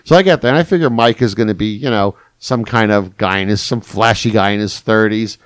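Rambling, animated male storyteller. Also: lowish voice, brisk, no room sound. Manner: rambling, animated anecdote telling with crude quotes. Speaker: journalist guest. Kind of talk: casual storytelling chat.

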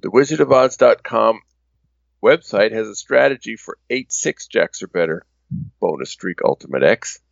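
A man reading a scripted segment in a measured, explanatory way. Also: on the low side, expressive, gravelly, no room sound. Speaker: segment presenter. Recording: dull lo-fi recording.

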